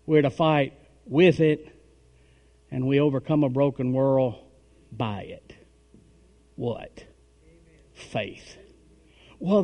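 A middle-aged man preaching a sermon, emphatic, with call-and-response and swings between loud and soft. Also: a little high. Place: church hall. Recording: long hall reverb.

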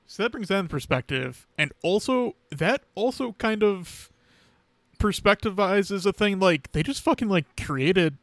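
A man's voice: high voice, lively intonation, a little slow, a bit bright, no room sound. A man co-hosting a podcast, talking loosely and swearing casually. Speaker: podcast co-host. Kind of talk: casual recap chat.

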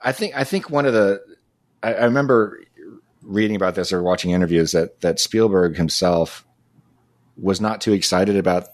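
A man's voice: sits low, normal speed, no echo, studio quality. A man co-hosting a podcast in casual chat, hesitant and repeating words as he works out his thoughts. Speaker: podcast co-host.

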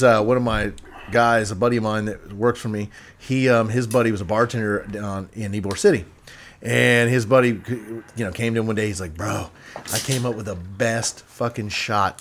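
A man's voice: on the low side, normal speed. A man hosting a casual barbershop chat, telling crude stories with frequent laughter. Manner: crude storyteller, laughing often. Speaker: podcast host.

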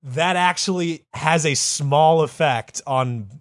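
A man's voice: a little high, takes it slowly, dry recording, studio quality. A man co-hosting a podcast, rambling through crude comedic banter and slipping into silly voices. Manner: rambling, playful, does silly voices for characters.

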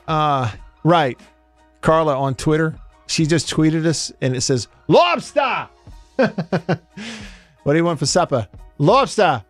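A man hosting a sports talk radio show, incredulous and joking, laughing often. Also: medium pitch. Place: radio studio. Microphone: studio microphone.

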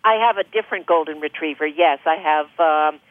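A woman calling in as a guest, chatting casually and pausing often with fillers. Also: sits low, dry recording. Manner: chatty, hesitant with many fillers. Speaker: phone-in guest. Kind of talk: casual chat. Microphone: telephone. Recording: tinny phone line.

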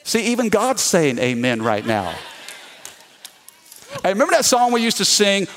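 A man, lively and calling for amens. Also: high voice, normal speed, pauses often. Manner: lively preaching with call-and-response. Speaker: pastor. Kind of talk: sermon.

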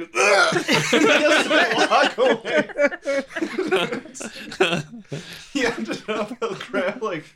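A man telling stories in casual chat, laughing often and saying "like" a lot. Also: high voice. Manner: laughing storyteller, lots of "like".

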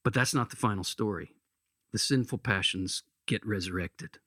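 A man's voice: lowish voice, normal speed, bright, forceful tone, no echo, clean studio sound. An earnest man retelling a story in conversation, with hesitant restarts. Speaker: speaker giving spiritual counsel.

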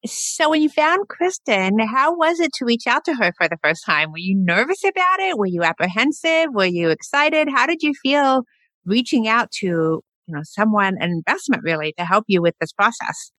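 A woman's voice: on the high side, expressive, normal speed, fairly bright tone, no echo. A woman hosting an interview, asking encouraging questions in a casual, conversational way. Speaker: podcast host, organizing consultant.

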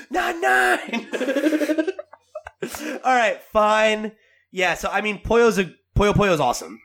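Lively high-voiced American man. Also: measured pace. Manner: animated and teasing, laughs a lot. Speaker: podcast co-host. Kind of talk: casual podcast chat.

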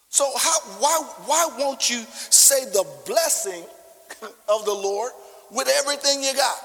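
A man's voice: very high voice, pushed and bright. A man pastor preaching a fervent sermon with emphatic, repeated declarations, recorded in a church. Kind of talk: sermon with congregational prayer. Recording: long echo of a large church hall.

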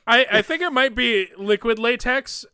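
A man's voice: very high voice, moderate pace, sharp tone, clear, resonant tone, no room sound, clean studio sound. A man co-hosting a podcast in casual chat, telling anecdotes with laughter and crude jokes. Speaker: podcast co-host.

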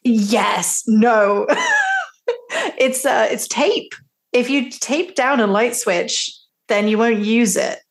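A woman's voice: fairly high pitch, takes it slowly. A woman co-hosting a podcast in casual chat, laughing often as she talks. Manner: giggly, laughs often between lines. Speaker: podcast co-host.

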